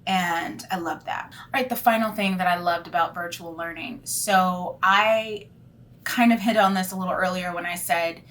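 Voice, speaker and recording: A woman's voice: on the low side, normal speed. A woman in her thirties, a teacher, talking candidly in a casual vlog with plenty of fillers. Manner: candid and animated, lots of fillers.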